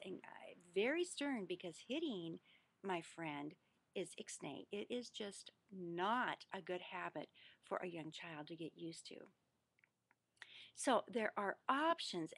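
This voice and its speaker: A middle-aged woman speaks straight to the camera as host of her own advice show. She talks about raising children in an earnest, instructive way and leans hard on the points she wants to land. Her voice sits at an ordinary middle pitch for a woman. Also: no echo. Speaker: parenting coach. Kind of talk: direct-to-camera advice talk.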